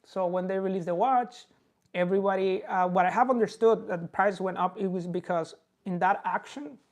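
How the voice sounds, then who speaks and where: A woman with a Spanish accent, a native Spanish speaker, hosting a watch podcast and talking in a relaxed, rambling way, calling the listener bro. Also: medium pitch, brisk, lo-fi sound. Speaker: watch dealer and podcast host. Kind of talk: casual podcast chat.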